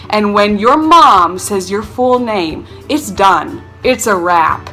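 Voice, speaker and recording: A young woman vlogger telling funny childhood stories in a casual, chatty way. She is animated and pokes fun at herself, slipping into the voices of the people in her stories. Her voice is bright and forward, and soft music plays faintly behind her. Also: medium pitch, slow pace, few pauses. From North Carolina. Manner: animated, self-mocking, acts out quotes. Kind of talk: casual storytelling to camera.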